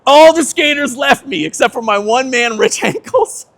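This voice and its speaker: A man in his fifties, a veteran skateboarder telling an animated story, laughing often and swearing casually. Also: very high-pitched, moderate pace.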